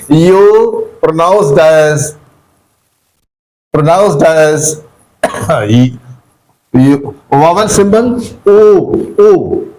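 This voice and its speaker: A man's voice: high voice, a little mellow, low-quality recording. A man teaching English pronunciation with an Indian accent, spelling words out letter by letter and calling his listeners "dear". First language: Hindi. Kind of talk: slow classroom pronunciation lesson.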